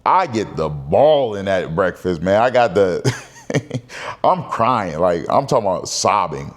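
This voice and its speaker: A man's voice: sits low, very animated, a little slow. A man in his thirties talking candidly to camera in a casual personal vlog, rambling and conversational. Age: 30s. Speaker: vlogger.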